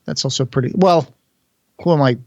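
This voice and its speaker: A man's voice: medium pitch, a little fast, creaky, a little mellow, no echo, highs cut off. A man co-hosting a podcast, giving a casual, joking commentary on a film as it plays. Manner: chatty, joking, reads quotes in an announcer voice. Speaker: podcast co-host.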